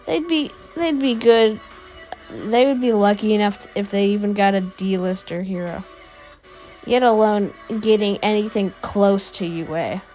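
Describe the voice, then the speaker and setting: A woman voicing a loud, hotheaded teenage boy rival who scoffs at everyone in a fan storytelling. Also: mid-range voice, a little slow, faint music behind, lightly acted, low-quality recording. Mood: brash.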